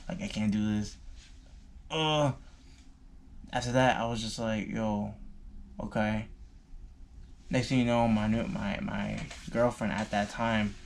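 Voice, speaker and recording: A man's voice: lowish voice, fairly even intonation, takes it slowly, vocal fry, pauses often, a little hiss or hum. A young man telling a personal story in a loose, slangy way, full of fillers and swearing. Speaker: vlogger. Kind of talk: casual storytime.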